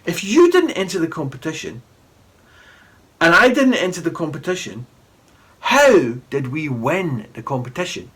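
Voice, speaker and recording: Unlucky schoolboy sleuth, voiced by a man reading aloud: low, confiding, animated. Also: moderate pace, breathy edge, exaggerated voice. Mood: puzzled. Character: unlucky, curious young boy detective.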